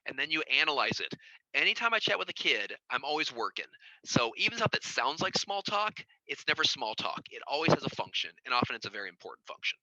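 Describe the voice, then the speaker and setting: A middle-aged man lecturing as a child psychiatrist, talking quickly with a lively, swooping pitch. His voice is bright and forceful, recorded dry and close. He slips into quoted voices as he goes. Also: no room sound, poor audio. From United States. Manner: conversational, acts out quoted voices with big pitch jumps. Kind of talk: informal lecture.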